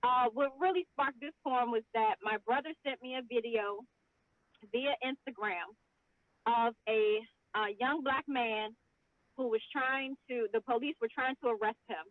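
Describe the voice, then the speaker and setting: A woman's voice: fairly high pitch, moderate pace, no room sound. A woman guest talking and performing spoken word poetry in an impassioned, rhythmic, emotional way, heard over a video call. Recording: dry, tinny phone-like audio.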